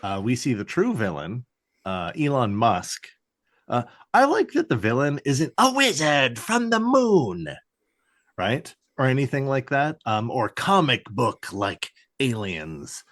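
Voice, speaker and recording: A man's voice: medium pitch, huge pitch swings, a little slow, fairly bright tone. A man co-hosting a podcast, recapping a TV episode in casual chat, rambling with lots of fillers and cussing. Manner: rambling, heavy "like" fillers, swearing, mock voices for characters. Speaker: podcast co-host.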